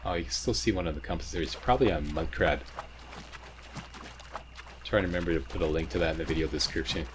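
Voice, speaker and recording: Deep-voiced man narrating a game. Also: fast, pauses often. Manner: chatty, joking, informative. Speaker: game walkthrough host. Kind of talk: video game commentary. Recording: faint ambient noise, sirens nearby.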